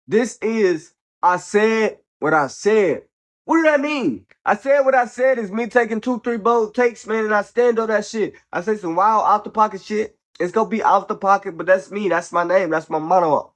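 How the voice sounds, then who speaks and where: A man hosting a casual football commentary show, blunt and opinionated, slangy and profane, tossing in "bro" and "man" often, while a little sick. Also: high voice. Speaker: host of a football commentary channel.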